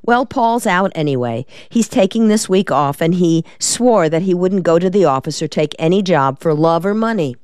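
A woman reading the part of a quick-witted, sassy young female secretary in an audiobook, with a wry drawl. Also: lowish voice, expressive, a little mellow, clear, resonant tone, no room sound, clean studio sound, lightly acted.

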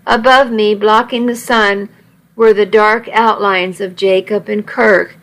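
A woman's voice: medium pitch, steady tone, unhurried, fairly bright tone, rough recording. A woman reading a first-person story aloud, wry and self-mocking in her delivery. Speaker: audiobook narrator.

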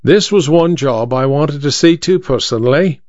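A man voicing a brisk, matter-of-fact male police inspector in a storybook reading. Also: on the high side, darkish tone, no room sound, close to an everyday voice. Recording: dry, slightly dull recording.

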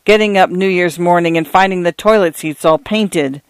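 A man's voice: high-pitched, moderate pace, smooth, no room sound. A man doing a weary, curt priest. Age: 50s. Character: weary sour older male priest.

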